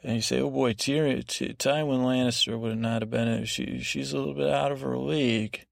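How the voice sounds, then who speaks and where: Gravelly, meandering man in a dry room. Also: mid-range voice, fairly even intonation, dry recording. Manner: meandering, halting, full of restarts and asides. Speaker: podcast host. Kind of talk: rambling bedtime TV recap.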